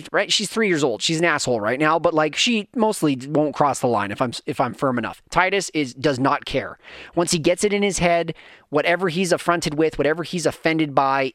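A man's voice: fairly high pitch, a bit bright, dry recording, clean studio sound. A man in his thirties telling a rambling family story in a casual monologue, acting out his kids' voices.

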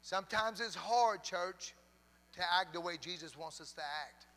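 A man's voice: high voice, a little slow, bright, forceful tone. A man pastor preaching a sermon in a church, telling a folksy story and urging the congregation on. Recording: long reverb in a church hall.

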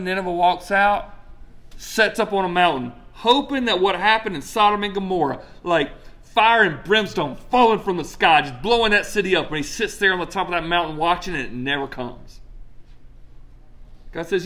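Man, preacher, sermon, conversational storytelling, bright, slightly high voice. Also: moderate pace. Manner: lively, conversational, storytelling with asides.

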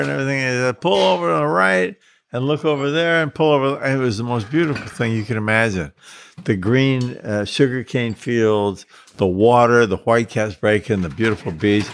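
A man casually telling a personal anecdote, vivid and lively, with frequent restarts. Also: medium pitch, a little hiss or hum. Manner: animated, vivid storytelling with restarts. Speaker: storyteller.

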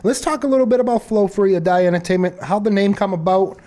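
A man with a Boston accent and a fairly high voice hosts a casual radio chat. He talks in a laid-back way, full of street slang. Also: fast talker, dark tone. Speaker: radio show host.

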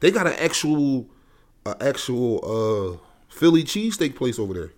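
A man guesting on a casual chat, telling stories with animated banter. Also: medium pitch, normal speed. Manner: animated storytelling, laughing banter.

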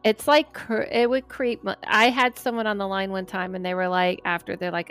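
A middle-aged woman hosts a podcast in a lively, chatty way, slipping into little voices as she retells her stories. Her pitch sits in the middle of the range for a woman. Faint music plays in the background. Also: fairly quick, few pauses, clean tone. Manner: animated storyteller who acts out quoted voices. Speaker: podcast host and medium. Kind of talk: casual podcast chat.

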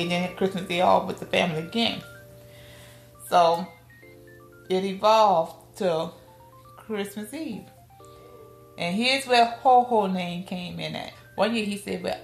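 With a gravelly New Orleans voice, a middle-aged woman shares family stories as a podcast guest, her pitch leaping up each time she quotes a relative. The casual interview sounds like it's in a roomy, echoing space with soft music playing beneath.

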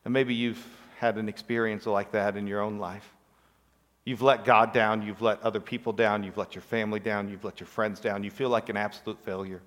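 A man's voice: fairly low pitch, flat delivery, fairly quick, fairly bright tone, long reverb tail. A man preaching a sermon, telling a story with acted-out quotes and rhetorical questions. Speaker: pastor.

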